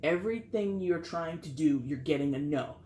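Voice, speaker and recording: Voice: mid-range voice, lively intonation, normal speed, warm tone, reverberant, a little hiss or hum. A tarot reader giving a casual, chatty reading, swearing freely and acting out little scenes. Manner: chatty, profane, acts out quotes.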